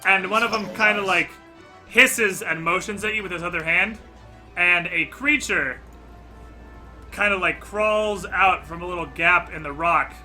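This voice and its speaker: A man runs a tabletop role-playing session as game master, describing the scene in a loose, meandering way full of "like" and "uh". His voice sits a bit high and rings very bright and tense, with faint music underneath. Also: unhurried. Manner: descriptive, loose narration with many fillers.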